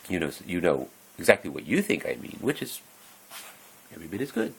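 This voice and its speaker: A deep, gravelly man's voice, rough and raspy in texture. He rambles along casually, breaking off his own sentences and chuckling as he wanders from thought to thought. His pitch swings lively up and down as he talks. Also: a little fast, poor audio. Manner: meandering, self-interrupting, chuckling often.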